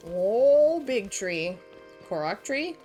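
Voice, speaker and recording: A woman's voice: medium pitch, very animated, very slow, dark tone, dull audio. A woman streaming a video game, chatting to herself and her viewers and reading the game's lines aloud. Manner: chatty, muses aloud, reads game text. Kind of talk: casual gameplay chat. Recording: faint game music behind.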